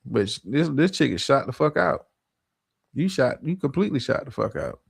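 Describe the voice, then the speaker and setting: Gravelly profane man ranting on stream. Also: mid-range voice, big pitch swings, normal speed, no room sound, clean studio sound. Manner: profane, stammering restarts, preachy advice. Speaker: streamer host. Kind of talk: livestream reaction commentary.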